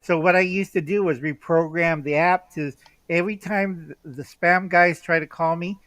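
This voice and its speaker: A man's voice: on the high side, fairly even intonation, moderate pace, a bit bright, dry recording. A man telling a playful, joking story in a casual chat.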